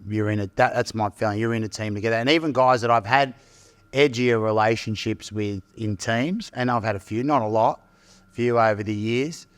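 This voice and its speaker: Reflective middle-aged coach, dry close sound. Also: male voice, fairly low pitch, fairly quick, smooth, dry recording. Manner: earnest and reflective, restarts his sentences, drops in "mate". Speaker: guest, rugby coach. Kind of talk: casual interview chat.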